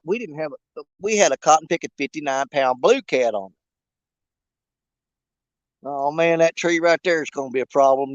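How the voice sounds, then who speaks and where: Speaking with a fairly high pitch, a man livestreams from a riverbank as a fishing vlogger, joking and wandering through folksy, casual chat. The recording is dry, and the highs are cut off.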